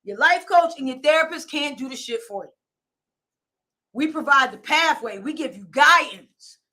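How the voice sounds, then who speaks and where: A woman's voice: sits high, lively intonation, normal speed, bright, forceful tone. A woman life coach and show host giving a blunt, emphatic motivational pep talk, repeating her points and demanding more of her listeners. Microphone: phone or camera, streaming live.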